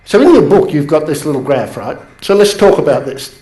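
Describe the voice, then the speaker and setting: A man coaching a seated audience in a motivational bootcamp talk, telling stories with sudden rises in pitch for emphasis. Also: a little fast. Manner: animated storytelling, pitch jumps up for emphasis. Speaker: business coach. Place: training room with a live audience. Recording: echoey room.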